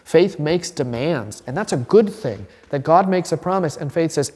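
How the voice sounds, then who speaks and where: A man's voice: a little high, expressive, moderate pace, few pauses, a little mellow, slightly rough. A man teaching as a pastor in a conversational, informal sermon, acting out little voices in his examples. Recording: reverberant hall.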